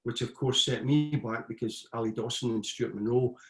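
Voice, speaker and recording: A middle-aged man spins football yarns in a casual, animated voice of medium pitch, stumbling and restarting as the stories tumble out. The recording carries a roomy echo. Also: moderate pace. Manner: anecdotal, animated retelling with frequent restarts. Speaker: guest, former footballer and coach. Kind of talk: casual storytelling.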